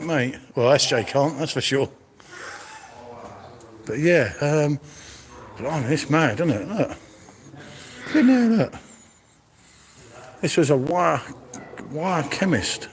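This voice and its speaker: A middle-aged man with a fairly high voice rambles cheerfully through a live walk-around. He marvels at what he sees and keeps calling out to viewers by name. His voice is caught on a phone held in his hand as he walks through an indoor museum. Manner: chatty, marvelling, addresses viewers in chat by name. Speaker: vlogger streaming live. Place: indoor museum with old exhibits. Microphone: handheld phone while walking.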